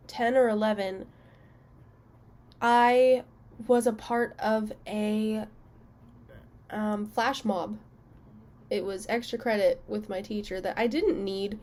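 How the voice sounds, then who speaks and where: Young woman, fairly high voice, casual makeup vlogger who tells chatty self-mocking stories. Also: mellow. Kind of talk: casual storytelling while doing makeup.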